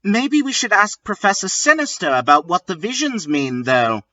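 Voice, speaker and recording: A man voicing a sassy, casual teenage girl in a high, breezy falsetto, on a dull lo-fi recording. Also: very animated, normal speed, pushed and bright, heavily acted.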